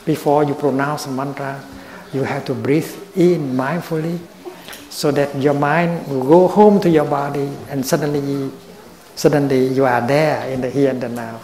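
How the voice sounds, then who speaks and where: An older man giving a slow, gentle dharma talk as a Buddhist teacher. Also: medium pitch, steady tone. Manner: slow and gentle, with long pauses. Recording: roomy echo.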